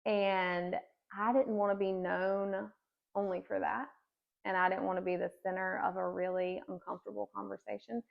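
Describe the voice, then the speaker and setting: A woman's voice: mid-range voice, flat delivery, normal speed, vocal fry, dull audio. A woman in her thirties giving an earnest personal faith testimony as a podcast guest, telling her story with many casual fillers.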